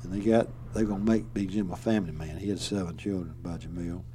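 A man's voice: sits low, steady tone, quick pace, mellow, a little hiss or hum. An older man from Alabama with a Southern accent, telling a story in a folksy, rambling way and chuckling as he goes. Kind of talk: casual storytelling.

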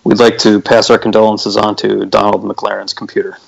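A man's voice: lowish voice, little pitch movement, fairly quick, creaky. A man co-hosting a fantasy football podcast, chatting casually during a draft, joking and laughing often. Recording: dull lo-fi recording.

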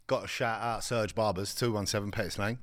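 A man's voice: fairly low pitch, steady tone, a little fast, a bit bright, dry recording, clean studio sound. A man, co-host of a casual comedy podcast, talking in a laid-back, easygoing way. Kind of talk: casual banter.

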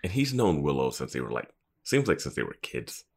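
A man with an extremely deep voice chats casually as a podcast co-host. He is relaxed and agreeable, dropping in plenty of easy affirmations. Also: a little fast, breathy edge. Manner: relaxed, agreeable, frequent "yeah". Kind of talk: casual chat.

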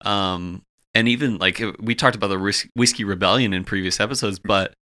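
A man co-hosting a podcast, chatting in an easygoing way and often chiming in with quick agreement. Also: lowish voice, steady tone, bright, forceful tone, no room sound, clean studio sound. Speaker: podcast co-host. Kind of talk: casual chat.

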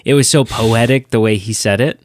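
A man's voice: mid-range voice, a little fast, no room sound, studio quality. A man co-hosting a podcast, talking enthusiastically and emphatically in a casual review chat. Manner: enthusiastic, emphatic, animated retelling. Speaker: podcast co-host.

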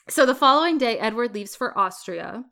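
A woman's voice: on the high side, vocal fry, pushed and bright. A woman co-hosting a podcast, recounting history in a chatty storytelling way with playful asides. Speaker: podcast co-host. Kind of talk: casual history chat.

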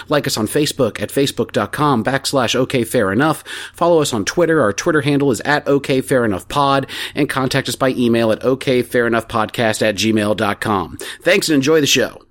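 A man co-hosting a comedy podcast, telling stories in crude, jokey banter and laughing often. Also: medium pitch. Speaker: podcast co-host.

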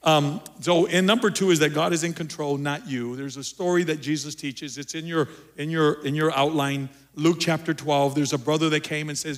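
Male pastor, sermon, somewhat high voice, repeats phrases, loud then hushed. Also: steady tone, normal speed. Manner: preaching, swings from loud emphasis to quiet, repeats phrases.

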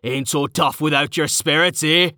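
A man voicing a cocky male warrior who loudly taunts monsters. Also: fairly high pitch, moderate pace, no echo, studio quality, pitched above the performer's own voice. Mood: rowdy taunting. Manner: loud, rowdy taunting.

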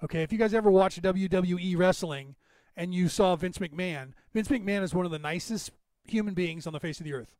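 Podcast host, male, high-pitched, emphatic and chatty, dry unechoing room. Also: brisk, darkish tone, dry recording. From Northern California. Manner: rambling, emphatic, addresses listeners by name. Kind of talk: casual monologue to listeners.

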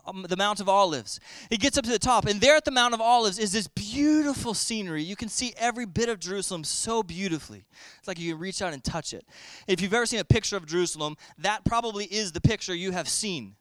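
A man's voice: high-pitched, fairly bright tone, no room sound. A man preaching a sermon, telling a story vividly and explaining word meanings to his listeners.

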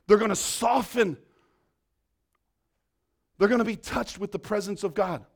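A man preaching a sermon with fervor, often checking in with "right?", moving between loud exhortation and quiet prayer. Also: sits high, measured pace. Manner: peppers talk with "right?".

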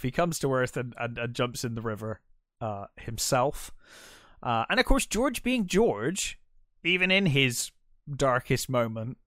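A man's voice: mid-range voice, a bit bright, no room sound. Dry-sounding man chatting about a film. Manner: retells scenes with quick put-on voices, many fillers. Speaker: podcast co-host. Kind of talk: casual film review chat.

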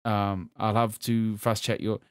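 A man from England on a gaming podcast, telling a long story in a casual, animated way and laughing as he goes. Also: lowish voice, unhurried, smooth, no room sound, studio quality. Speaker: podcast host. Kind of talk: casual chat.

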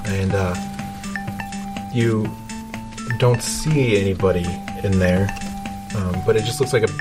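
A man narrating as game master of a tabletop game, relaxed, with frequent fillers. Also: on the low side, measured pace, pauses often, music in the background.

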